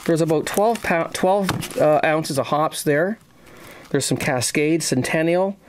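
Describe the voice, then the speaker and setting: A man hosting a casual homebrewing vlog, talking in a halting way with many restarts and plenty of thanks. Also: a little high, slight background noise. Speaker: homebrewing vlogger.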